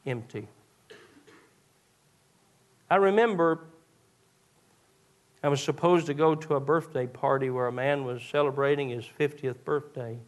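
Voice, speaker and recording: A male pastor, preaching a sermon that moves from quiet storytelling to raised, fervent preaching. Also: mid-range voice.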